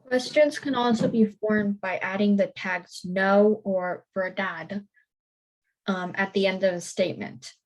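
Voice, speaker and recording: A woman student reading aloud carefully in an online class over a video call, halting at times. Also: medium pitch, poor audio.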